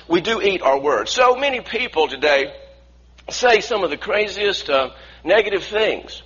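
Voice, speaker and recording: High bright-voiced male preacher. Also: expressive, a little slow, husky, highs cut off. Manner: earnest, repeats and restarts phrases; asks the congregation to repeat lines. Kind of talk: sermon.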